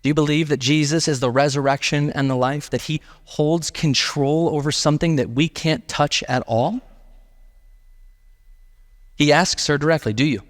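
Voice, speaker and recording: A man's voice: on the high side, steady tone, normal speed, long reverb tail. A male pastor preaching a sermon in a casual, emphatic way, often saying "like". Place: church sanctuary.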